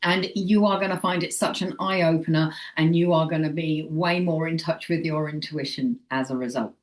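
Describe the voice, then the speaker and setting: A woman with a somewhat low voice talks casually to her viewers as a psychic medium. She is chatty and expressive, slipping into little acted-out quotes of what people think, and often checks in with a quick "okay?". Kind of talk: casual direct-to-camera advice.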